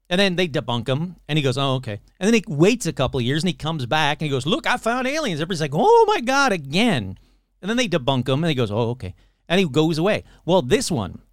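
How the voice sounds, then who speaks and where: Male podcast host, sarcastic, swears, very lively pitch, dry close sound. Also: no room sound. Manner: sarcastic, puts on mocking voices; swears casually. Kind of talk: casual chat.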